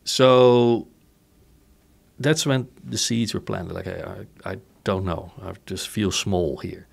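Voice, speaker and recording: A middle-aged man with a Dutch accent, a company founder telling stories about his childhood in a casual interview, animated, laughing often and asking "right?". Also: low-pitched, slow, creaky, slightly rough. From Netherlands.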